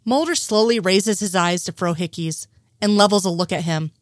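A woman reading a story aloud, voicing the characters' dialogue with shifts in pitch. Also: moderate pace, no echo, studio quality. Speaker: reader. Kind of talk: audiobook reading of fan fiction.

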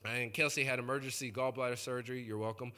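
A male pastor delivers a conversational sermon in a loose, joking storytelling style, chatting directly to the congregation. His medium-pitched voice is steady, sharp and clean in tone, and he talks fast.

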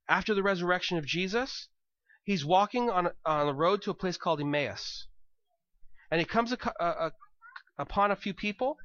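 A man's voice: sits high, fairly bright tone, no room sound, lo-fi sound. A male pastor preaching a conversational sermon, often repeating words as he thinks aloud.

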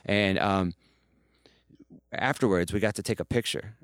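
A man telling a story as a podcast guest, animated and profane, mimicking the voices of the people he quotes. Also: fairly low pitch, measured pace, dry recording, clean studio sound. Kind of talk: casual storytelling.

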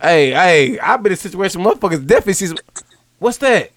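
A man co-hosting a casual group chat, animated and trash-talking, laughing often. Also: sits high, fast.

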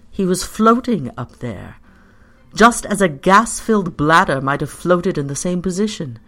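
A storyteller reading a story aloud in the first person, in a measured and expressive way. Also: medium pitch. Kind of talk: scripted narration of a story.

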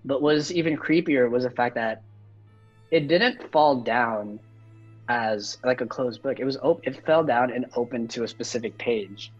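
Brief: young man, mid-pitched, loose rambling storyteller, lo-fi audio with faint music under it. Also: normal speed. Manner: rambling, heavy "like" fillers, frequent swearing. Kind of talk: casual storytelling.

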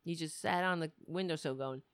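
A woman's voice: low voice, fairly quick, dry recording. A middle-aged woman hosting a casual livestream, rambling and self-mocking as she chats to viewers and her cat. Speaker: livestream host.

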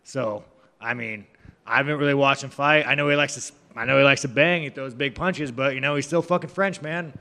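A man's voice: medium pitch, fairly quick, creaky, pushed and bright. A man, a professional fighter, giving rambling, profane, mocking answers to reporters. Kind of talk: media scrum answers. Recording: reverberant room.

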